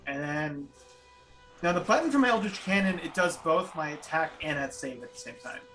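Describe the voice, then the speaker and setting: A fairly high-pitched man plays an online tabletop game, rambling eagerly through his turn with plenty of fillers. His voice sounds far from the microphone. Faint music sits in the background. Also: expressive, normal speed, a bit bright. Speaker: player.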